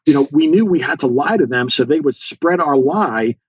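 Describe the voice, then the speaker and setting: A man's voice: a little high, normal speed, slightly rough, no room sound, muffled recording. A man being interviewed, telling a story with lots of fillers and acting out the dialogue. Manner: animated storyteller, acts out dialogue, many fillers. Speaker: guest author, former Special Forces officer.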